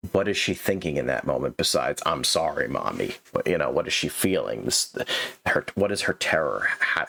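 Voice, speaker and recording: A man's voice: sits low, sharp tone. A man hosting a show that critiques manuscripts, giving blunt, corrective notes with stammering restarts. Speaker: writing critic host.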